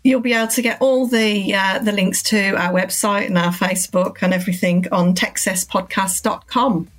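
Woman guest, calm and encouraging, mid pitch, talks at length. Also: moderate pace. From England. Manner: calm, encouraging, rambling explanations. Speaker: cancer support centre guest. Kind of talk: podcast interview.

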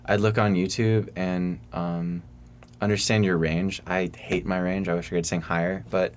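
A young man from Michigan, a student songwriter, answering interview questions casually in a soft, hesitant way full of fillers. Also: low voice, level tone, normal speed, a little hiss or hum. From Michigan, USA. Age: young adult.

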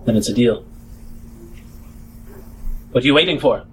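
A man's voice: mid-range voice, animated, measured pace, a little hiss or hum, natural voice, poor audio. A man voicing a cocky, guarded halfling woman who runs a criminal bar, speaking in a cool, commanding way during a tabletop game. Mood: firm. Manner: cool, commanding, quietly self-assured.

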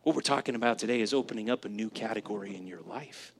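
A man's voice: lowish voice, fast talker, a little hiss or hum. A man in his thirties preaching a sermon in church, conversational and emphatic, often asking the congregation questions. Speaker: pastor. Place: church sanctuary.

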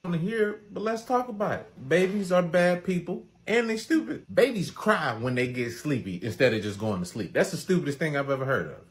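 Animated man ranting about babies. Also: a little high, a little fast, few pauses. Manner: exasperated, mocking, slips into voices. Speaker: comedian in a played clip. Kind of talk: comedic rant.

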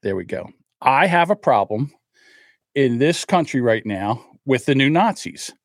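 A man's voice: medium pitch, sing-song, measured pace, dry recording. A man co-hosting a podcast, chatting casually and joking around on a close, dry microphone. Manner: jokey, does silly mock voices. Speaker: podcast co-host. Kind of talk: casual banter.

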